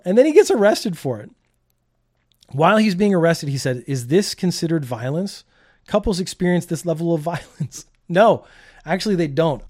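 A man's voice: on the high side, a little mellow. A middle-aged man hosting a comedic news commentary show, delivering stories in a wry, sarcastic way and chuckling at his own jokes.

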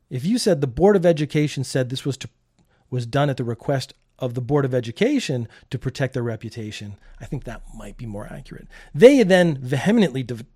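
A man's voice: mid-range voice, darkish tone. A middle-aged man hosting a comedic news commentary show, delivering stories in a wry, sarcastic way and chuckling at his own jokes.

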